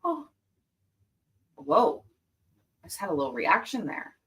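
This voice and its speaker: A woman's voice: on the low side, big pitch swings, unhurried. A woman hosting a casual livestream, chatting and giggling as she tastes candy and savors it aloud. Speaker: livestream host reacting to court videos. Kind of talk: casual livestream chat while tasting candy.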